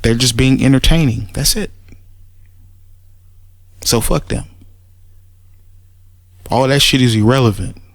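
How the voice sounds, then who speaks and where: A man with a gravelly, fry-edged voice rants in a casual response video, blunt and heavy on profanity. He restarts and repeats words when he gets worked up, and his delivery sounds dismissive throughout. The recording is dry and close, with no room sound. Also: mid-range voice, measured pace, pauses often, no echo. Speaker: commentator making a response video. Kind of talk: casual spoken rant.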